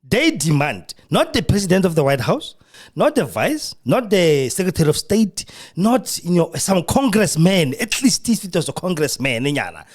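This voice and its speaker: A South African man hosting a live radio podcast from a studio. He comments in a mocking, animated way and acts out the voices he quotes. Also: high-pitched, normal speed. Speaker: podcast host.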